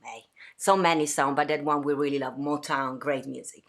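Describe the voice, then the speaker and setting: A woman's voice: deep voice, fairly even intonation, moderate pace, gravelly. A woman with an Italian accent hosting a livestream from her home, chatting with many fillers and restarts. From Italy. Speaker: host. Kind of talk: livestream chat.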